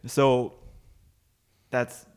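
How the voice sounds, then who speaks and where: Profane fast-talking man telling stories. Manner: rapid, profane storytelling, mimics a friend in a high voice. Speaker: podcast guest. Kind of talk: casual storytelling chat.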